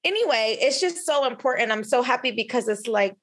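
Expressive woman guest, slightly high voice. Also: fairly quick. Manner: expressive, emphatic, with frequent restarts. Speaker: podcast guest, physician researcher. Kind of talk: candid podcast conversation.

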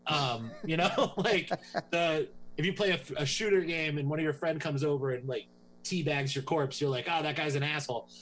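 A man's voice: on the high side, normal speed, a bit bright, poor audio. A man hosting a comedy podcast in casual chat, swinging between joking and earnest. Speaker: podcast host.

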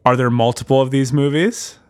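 A man's voice: mid-range voice, a little fast, darkish tone. A young man from Minnesota, co-hosting a podcast in casual chat, teasing and cursing and cutting in. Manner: teasing, crude, interrupting. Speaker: podcast co-host.

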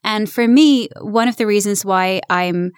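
A young adult woman, English-born, talking in an American accent with British traces, chatting lively as an interview guest. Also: mid-range voice, a little slow, clean tone, no echo, studio quality. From England. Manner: lively, chatty, laughs easily. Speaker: voice actor guest. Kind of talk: casual interview chat.

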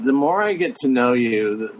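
A man's voice: medium pitch, animated, normal speed, slight background noise, poor audio. A man co-hosting a podcast, chatting casually in a loose, profane way. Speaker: podcast co-host, impressionist. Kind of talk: casual chat.

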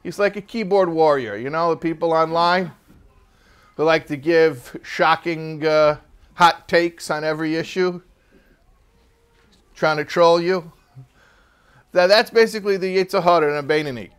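A man's voice: a little high, normal speed, long pauses, smooth. A man teaching a religious text class in a casual, joking storytelling manner.

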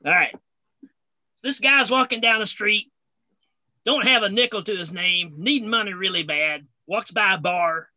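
Casting note: male co-host with a high, very bright voice and an animated storytelling style, recorded dry and close. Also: moderate pace, no room sound, dull audio. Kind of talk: casual chat and joke telling.

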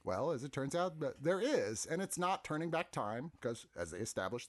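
Animated man reviewing a film. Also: medium pitch. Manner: animated, laughs often, playful asides. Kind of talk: casual review chat.

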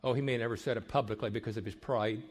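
An older man, a marriage counselor, gives an emphatic sermon-like talk to young people, building repeated phrases and sometimes dropping to a hush. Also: mid-range voice, fairly even intonation, racing. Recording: long hall reverb.

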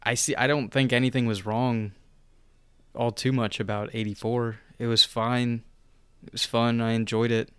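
A man's voice: mid-range voice, moderate pace, clear, resonant tone, no echo. A young man co-hosting a film podcast, talking casually and animatedly, often slipping into mock voices. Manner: animated, mimics characters in quoted asides. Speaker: podcast co-host. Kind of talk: casual chat.

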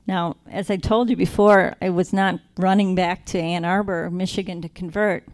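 A woman sharing a personal faith testimony, earnest and reflective, slowing down to stress key moments. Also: fairly low pitch, steady tone, a little mellow. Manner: earnest, reflective, slows down for emphasis.

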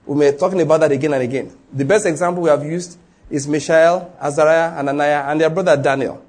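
A man's voice: on the high side, steady tone, fast talker, a little mellow. A man preaching a sermon, emphatic and repetitive, often checking whether his listeners follow. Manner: emphatic, repeats points, asks the listeners if they follow.

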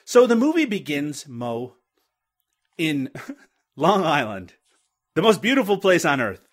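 A man's voice: fairly high pitch, sing-song, measured pace. A man hosting a movie podcast, chatting casually with sarcastic jokes and frequent laughter. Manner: sarcastic, joking, laughs often. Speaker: podcast host. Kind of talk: casual chat.

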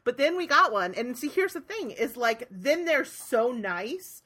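A woman's voice: on the high side, big pitch swings, unhurried, bright, forceful tone, husky. A young woman co-hosting a podcast, chatting casually and laughing often, with plenty of "like" in her talk. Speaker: podcast co-host. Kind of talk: casual chat.

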